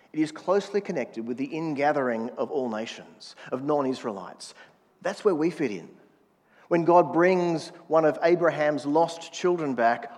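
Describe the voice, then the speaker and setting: A man's voice: on the high side, big-room sound. A man preaching a sermon in a conversational manner, prodding the congregation to answer back. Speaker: pastor.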